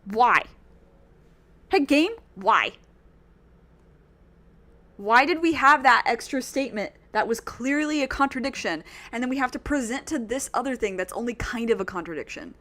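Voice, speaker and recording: A woman's voice: a little high, lively intonation, moderate pace, pauses often, sharp tone. A woman streaming a video game, chatting casually and with exasperation to her viewers. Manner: chatty, exasperated, talks straight to chat. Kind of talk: casual let's-play chat.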